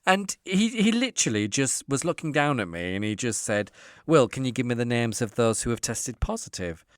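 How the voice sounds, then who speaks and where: A man telling a story as an interview guest, lively and acting out the dialogue he quotes. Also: mid-range voice, moderate pace, no echo, studio quality. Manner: animated, acts out quoted dialogue.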